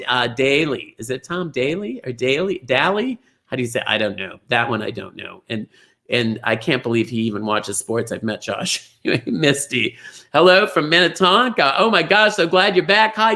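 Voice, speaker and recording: A middle-aged man chats his way through a live online bingo show, effusive and gushing as he greets viewer after viewer. His voice sits a little high and rings very bright and forward. He leaps into sudden high squeals on the names he loves. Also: moderate pace.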